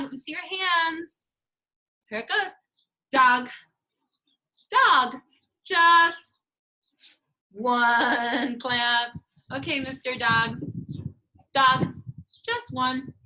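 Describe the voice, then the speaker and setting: A woman's voice: high voice, bright, forceful tone. A woman speech therapist teaching preschoolers in a sing-song way, stretching words out and making playful animal sounds. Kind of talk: slow, sing-song teaching to young children.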